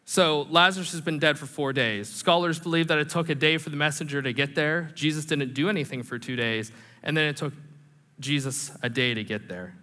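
Bright-voiced preacher man in a reverberant hall. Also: fairly high pitch, a little fast. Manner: animated, conversational preaching with self-deprecating humor. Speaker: pastor. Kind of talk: sermon.

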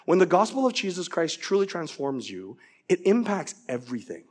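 Middle-aged pastor guy preaching, high voice that jumps all over, chatty storytelling. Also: normal speed. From Korean family, raised in America. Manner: animated storytelling, many "right?" and "like". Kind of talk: sermon.

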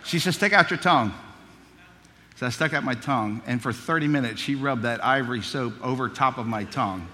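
A man's voice: medium pitch, quick pace, hardly any pauses, sharp tone, in a large hall. A man preaching a sermon, telling childhood stories in a folksy, humorous way. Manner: folksy storytelling, humorous asides.

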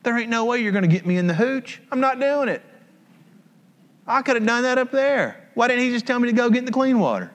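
A preacher putting on a huffy, proud commander. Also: male voice, a little high, very animated, brisk, darkish tone, in a large hall. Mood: indignant. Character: proud indignant military commander refusing a muddy river.

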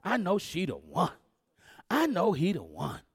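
A male pastor preaching with a fairly high voice. He calls to the congregation and draws responses from them, dropping to a hush and then building loud again. The sound is close and dry. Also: huge pitch swings, a little slow, vocal fry, slightly rough, no room sound. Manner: call-and-response preaching, swinging between hushed and loud. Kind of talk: sermon.

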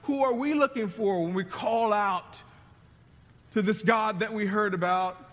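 High-voiced man preaching in a reverberant hall. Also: a little slow. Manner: conversational, dramatic preaching with sudden drops to hushed tones. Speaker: pastor. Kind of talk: sermon.

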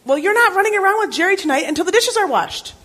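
A woman's voice: very high voice, animated, quick pace, fairly bright tone, slight background noise. A woman playing an exasperated, sarcastic mother in a church skit. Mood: scolding.

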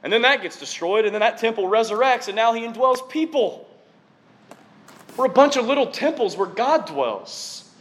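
A man preaching a sermon to his congregation in an excitable, conversational way, often dropping in casual fillers. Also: extremely high pitch, normal speed. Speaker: preacher on staff.

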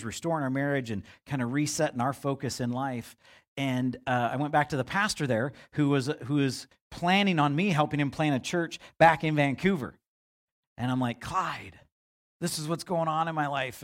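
A middle-aged male pastor preaches conversationally, acting out quotes in a livelier voice and raising his pitch when voicing God.

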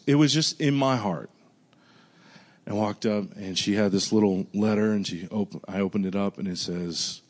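A man preaching a sermon, speaking casually and earnestly, dropping to a hushed voice when he recalls his prayers. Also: normal speed. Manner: bursts of excited high-pitched exclamation. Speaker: pastor. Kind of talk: storytelling sermon.

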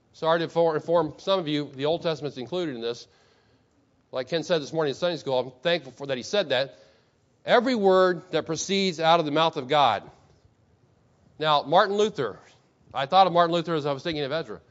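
A pastor preaching to his congregation, asking many rhetorical questions and reading quotations slowly with emphasis. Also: on the high side, a bit bright, highs cut off. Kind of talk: sermon.

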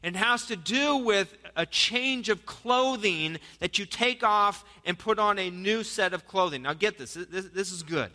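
Man, pastor, sermon, high voice, long hall reverb. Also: measured pace, few pauses, bright, forceful tone. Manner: conversational preaching, rhetorical questions.

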